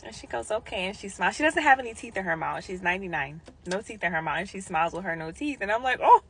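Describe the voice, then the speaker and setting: Woman, casual storyteller vlog, bright voice, animated quote voices, drops to whispers. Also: fairly quick, breathy edge, no room sound. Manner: animated, acts out quotes with big pitch jumps and whispers. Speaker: hospice nurse.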